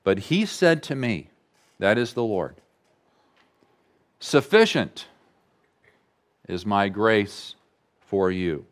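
A man preaching a sermon as pastor, slow and deliberate, repeating key phrases for emphasis. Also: fairly low pitch, sing-song.

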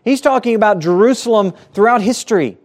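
A man's voice: high voice, fairly quick. A man preaching a sermon as pastor, earnest, his voice rising and falling for emphasis, at times repeating words.

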